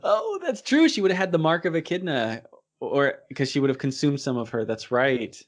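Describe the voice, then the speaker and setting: A man's voice: medium pitch, lively intonation, moderate pace. A man co-hosting a podcast, reacting enthusiastically and gushing in casual chat. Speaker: podcast co-host. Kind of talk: casual anime discussion chat.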